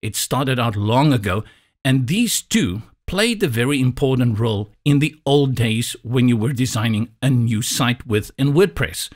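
A man from South Africa whose first language is Afrikaans, walking through a software tutorial step by step with a dry, slightly sarcastic manner. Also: medium pitch, expressive, measured pace. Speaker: tutorial instructor. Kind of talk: screen-recorded software tutorial.

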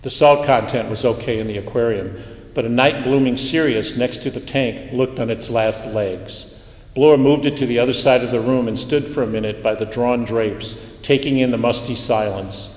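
Male author at a reading, measured delivery, roomy reverberant hall. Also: mid-range voice, steady tone, a little mellow. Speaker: author reading his fiction. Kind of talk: literary reading aloud. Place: lecture hall.

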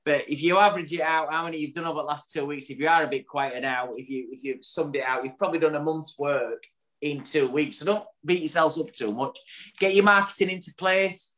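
A man's voice: fairly high pitch, fairly quick, sharp tone. A man, co-hosting a podcast in casual chat and wrapping up the episode with an upbeat summary. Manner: chatty, upbeat, wraps up with a summary. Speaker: podcast co-host.

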